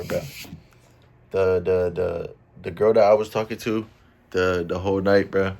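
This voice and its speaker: A man's voice: low-pitched, a little mellow. Slangy young guy telling a story. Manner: slangy, says "bro" and "I was like" a lot. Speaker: storytime vlogger. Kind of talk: casual storytelling. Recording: somewhat distant mic with faint room noise.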